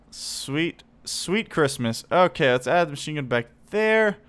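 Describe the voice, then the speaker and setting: A man hosting a let's play, giving chatty, excitable commentary while he builds and fights. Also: fairly high pitch, measured pace, hardly any pauses. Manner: excitable and chatty, laughs and exclaims. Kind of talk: casual gameplay commentary.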